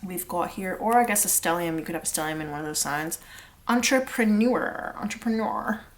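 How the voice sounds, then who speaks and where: In a low voice and at a quick clip, a woman does a casual pick-a-card tarot reading. She rambles chattily, leans heavily on fillers, and breaks into snippets of lyrics now and then.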